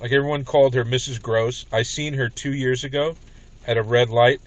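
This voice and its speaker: A man's voice: mid-range voice, fairly even intonation, brisk. A man hosting a comedy livestream, chatting in a rambling way to viewers about his school days. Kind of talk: casual livestream chat.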